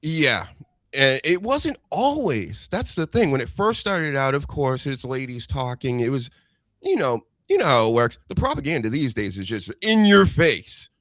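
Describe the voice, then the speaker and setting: A man's voice: mid-range voice, sing-song, fairly bright tone, no room sound. A man hosting a casual podcast chat, talking in a rambling, easygoing way. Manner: rambling, chatty, drawn-out storytelling.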